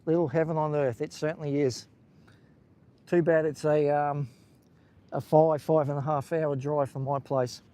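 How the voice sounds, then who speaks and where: A man's voice: fairly high pitch, level tone, unhurried, pauses often, warm tone. Chatty Australian man on a beach walk. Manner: chatty, rambling, chatting with viewers. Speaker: live-stream host. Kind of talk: casual live-stream walking commentary. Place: outdoors on a coastal beach.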